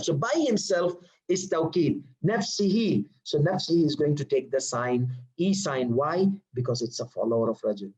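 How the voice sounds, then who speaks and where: A man's voice: a little high, animated, moderate pace, a little mellow, low-quality recording. A man teaching Arabic grammar in English, posing questions and answering them himself with patient repetition. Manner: repeats terms patiently, many fillers. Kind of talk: classroom lecture.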